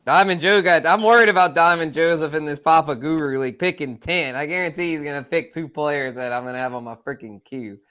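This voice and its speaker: A man's voice: on the high side, brisk, hardly any pauses, pushed and bright, smooth. A man hosting a fantasy football stream in casual chat, laughing often and swearing freely. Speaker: fantasy football show host.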